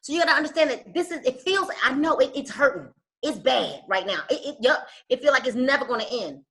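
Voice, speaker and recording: This woman's voice sits high and bright, and her pitch moves a lot. She mentors a group over a call in a preachy, emphatic way. She swings between loud, charged lines and quiet, hushed ones. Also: expressive, brisk, low-quality recording. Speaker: guest speaker and business mentor. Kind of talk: motivational talk on a call.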